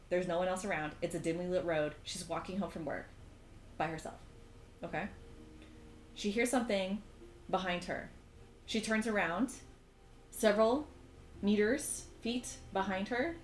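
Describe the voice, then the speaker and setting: A young woman vlogger chatting casually while she draws, telling a story in an animated, exasperated way with sudden jumps in pitch. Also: echoey room, a little hiss or hum, rough recording. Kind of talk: casual chat while drawing.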